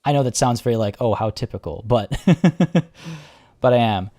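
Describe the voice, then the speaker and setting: A man streaming a strategy game live, talking through his choices out loud and chatting with his viewers. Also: mid-range voice, expressive, unhurried. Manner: chatty, reads chat aloud and thinks out loud.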